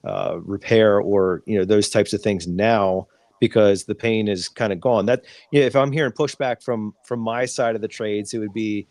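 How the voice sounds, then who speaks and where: A man hosting a casual interview, asking questions in a relaxed way full of fillers. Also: fairly low pitch, brisk, no echo. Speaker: podcast host.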